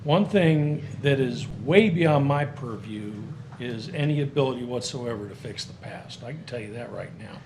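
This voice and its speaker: A man serving as special magistrate, handing down a ruling in a measured, formal, matter-of-fact way. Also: medium pitch, darkish tone, slight background noise. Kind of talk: issuing a ruling at a hearing. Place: hearing room.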